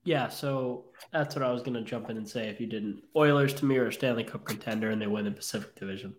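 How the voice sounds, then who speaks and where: A man co-hosting a casual sports podcast, jumping in with quick, opinionated takes. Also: medium pitch, a little hiss or hum. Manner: quick, opinionated, jumps in on others. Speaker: podcast co-host.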